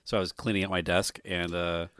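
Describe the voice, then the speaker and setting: A man co-hosting a podcast, chatting casually with a wry, deadpan teasing manner. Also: deep voice, brisk, clear, resonant tone, dry recording, studio quality. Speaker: podcast co-host. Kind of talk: casual chat.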